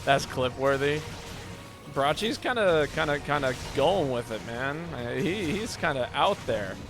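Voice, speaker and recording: A man streaming a game, chatting casually and joking with his viewers, now and then yelping with excitement. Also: medium pitch, unhurried. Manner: relaxed, joking, with sudden excited yelps. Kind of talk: casual gameplay chat. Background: game music.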